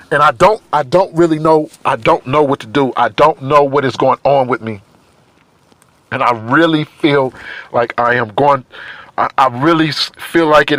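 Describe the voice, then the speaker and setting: A man talking to camera in a halting, repetitive confessional monologue, emotional and searching for words. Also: medium pitch, bright, forceful tone, no echo. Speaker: vlogger.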